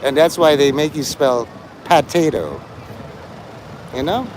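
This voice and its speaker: A man's voice: a little high, animated, measured pace, slight background noise. Mocking, sing-song male streamer. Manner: mocking, sarcastic, profane. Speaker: live streamer. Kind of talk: rambling livestream banter.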